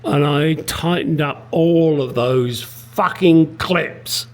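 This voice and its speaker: A man's voice: a little high, takes it slowly, a little mellow. A middle-aged English man restoring a classic car in his home garage, talking bluntly to the camera and swearing freely. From England. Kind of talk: casual workshop vlog.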